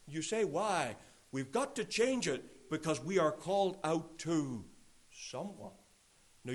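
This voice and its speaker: A male preacher delivers a sermon to his congregation, his voice sitting high and swinging widely in pitch. He slows down to stress key phrases and slips into quiet asides. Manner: emphatic, repeats key phrases slowly. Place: church gathering.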